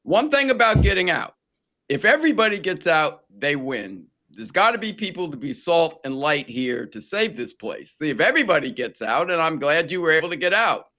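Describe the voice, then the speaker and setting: High, lively, bright-voiced male host. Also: moderate pace. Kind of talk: conversational political interview.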